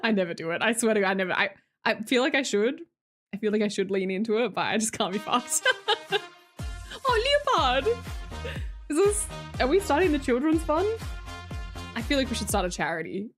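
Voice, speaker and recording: A woman's voice: on the high side, big pitch swings, brisk, faint music behind. Blunt, sweary Australian woman streamer. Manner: blunt, sweary, laughs often. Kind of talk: casual chat with viewers.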